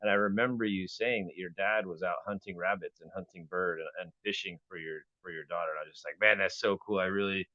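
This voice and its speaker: A man's voice: low voice, steady tone, fast talker, hardly any pauses, pushed and bright, no echo, highs cut off. A man chatting casually in an online audio room, praising another parent in an encouraging, rambling way. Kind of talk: casual chat.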